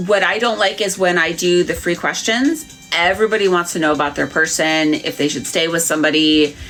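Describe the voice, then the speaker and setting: A woman's voice: on the low side, a bit bright. A woman doing psychic readings on a live stream, talking frankly to viewers in a chatty way with many fillers.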